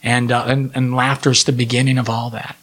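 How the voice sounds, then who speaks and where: A man's voice: mid-range voice, level tone, brisk, a bit bright. A man in his forties, sharing a heartfelt personal testimony as a podcast guest, earnest and emotional, with frequent restarts.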